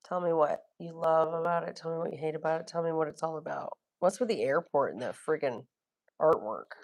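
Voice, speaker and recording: A middle-aged woman hosts a casual livestream, rambling to her viewers and answering their comments. She laughs easily and swears bluntly. Her voice sits low, with a gravelly, fry-laden texture. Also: brisk, darkish tone. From Florida. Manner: chatty, laughing, blunt and profane. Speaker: livestream host.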